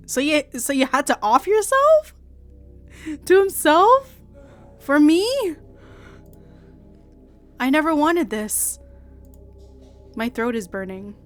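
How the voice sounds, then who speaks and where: A young woman streamer reading a visual novel aloud, with dramatic, shouting outbursts and laughing reactions. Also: sits high. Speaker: virtual streamer.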